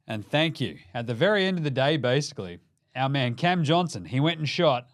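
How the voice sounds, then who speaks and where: This basketball podcast host, a young Australian man, rattles off the day's results a little fast with lively intonation and a medium-pitched voice. It's casual, sweary, irreverent sports commentary, with some background noise behind him.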